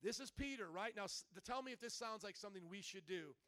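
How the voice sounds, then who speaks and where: A man preaches a sermon at a church service, and his voice sits unusually high for a man. He teaches calmly at first, then builds into loud preaching where he stretches his words out. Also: fast. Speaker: pastor.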